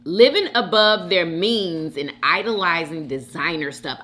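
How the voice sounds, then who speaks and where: A woman's voice: fairly low pitch, measured pace, few pauses. A woman hosting a mukbang video, chatting casually with viewers and reacting to comments with frequent laughter. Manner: animated, chatty, laughs often, talks straight to viewers. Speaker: mukbang host.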